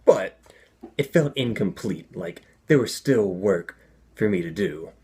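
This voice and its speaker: Husky young guy telling a funny story, low voice but pitch all over the place. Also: unhurried. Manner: animated, deadpan asides. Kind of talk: comedic personal storytelling.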